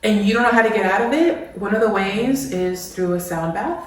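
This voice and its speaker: A woman guest who works as a sound bath practitioner and business coach, chatting casually and telling lively stories. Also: medium pitch, brisk. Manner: animated storyteller who acts out quotes with laughter. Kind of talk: casual conversation. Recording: echoey room, distant mic, faint noise.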